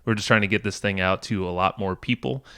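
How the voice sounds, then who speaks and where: A podcast co-host with a low male voice, loose and chatty and quick to laugh. The sound is dry and close, with no room around it. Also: bright, forceful tone, clean tone, no room sound. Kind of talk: casual podcast chat.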